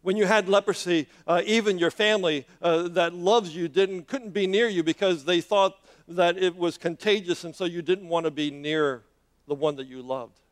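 Male preacher, high voice, dramatic storytelling sermon, halting delivery with repeats and fillers. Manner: dramatic, with many hesitations and repeated words.

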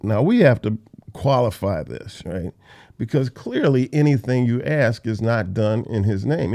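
A man's voice: mid-range voice, gravelly, dark tone. A man hosting a Bible study podcast, teaching in a casual, conversational way on a close mic. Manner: conversational, with fillers and restarts.

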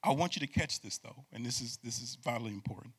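A man preaching a sermon, moving from quiet talk to shouted, repetitive calls to the congregation. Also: medium pitch, expressive, fast, husky. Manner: builds from quiet to shouting, repeats words.

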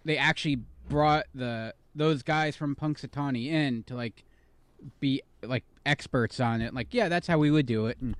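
A man's voice: mid-range voice, normal speed. A man co-hosting a podcast, chatting in an easygoing, casual way. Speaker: podcast co-host. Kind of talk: casual chat.

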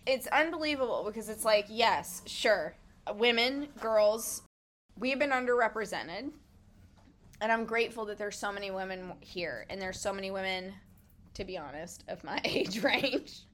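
A woman's voice: medium pitch, normal speed, fairly bright tone. A middle-aged woman speaks in a heartfelt, casual way, sometimes near tears and breaking into laughter. Her voice sits in a middle register. She sounds like a pediatrician reflecting among friends. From United States. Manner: heartfelt, tearful at times, laughing. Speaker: pediatrician and podcast guest.

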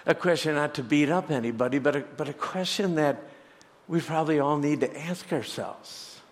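A pastor preaching a sermon in a church, earnest and emphatic, asking the congregation rhetorical questions. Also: male voice, fairly high pitch, moderate pace, long reverb tail.

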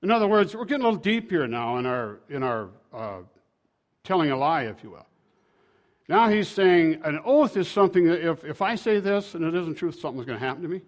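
A man preaching a sermon, retelling scripture in a folksy, conversational way with sharp swings from loud to quiet. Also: a little high, sing-song, a little fast.

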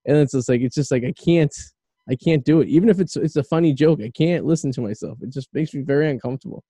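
A man's voice: a little high, quick pace, warm tone, slightly rough, no room sound. A man in his late thirties hosting a podcast, chatting casually and rambling a bit in a self-deprecating way, with lots of "you know" and "I mean". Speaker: podcast host. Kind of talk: casual chat.

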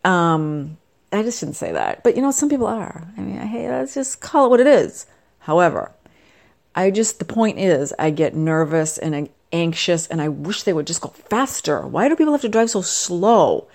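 A middle-aged vlogger rambles casually to the camera in a chatty, self-deprecating way, constantly drifting into side comments. Her voice sits a bit low but swings up and down a lot, very animated at a normal speed. It sounds gravelly and a little mellow.

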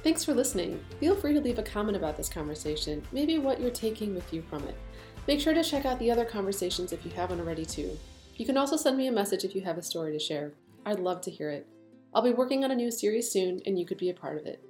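A woman's voice: medium pitch, animated, fast, soft background music. A woman podcast host closing an interview and narrating the outro, grateful in her thanks. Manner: warm, grateful sign-off.

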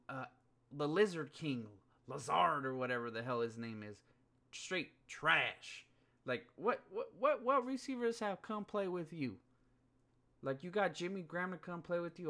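A man's voice: high voice, a bit bright. Man ranting profanely about sports. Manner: profane, heated, rambling with fillers. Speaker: sports podcaster. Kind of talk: casual sports rant.

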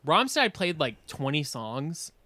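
A man guesting on a podcast, telling a story in a casual, animated way, swearing freely and laughing as he goes. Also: a little high, a little slow, no room sound. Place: podcast studio.

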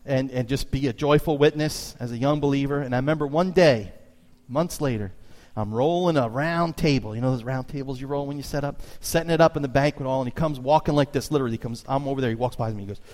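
A man preaching a sermon as pastor, telling stories with lively emphasis and sudden high jumps in his voice. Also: fast talker, hardly any pauses. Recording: long reverb of a church hall.

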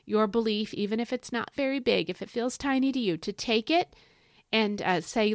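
A woman hosting a casual devotional podcast, chatty and encouraging, with lots of asides and repeated phrases and pitch that jumps up on emphasis. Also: normal speed, no echo, clean studio sound. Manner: expressive, pitch swinging up on emphasis. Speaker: podcast host teaching from the Psalms.

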